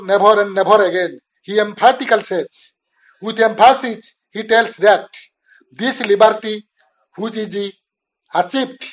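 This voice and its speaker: An older man with an Indian English accent giving a recorded literature lecture, paraphrasing lines slowly and with emphasis. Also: high voice. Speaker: English teacher. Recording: dull lo-fi audio.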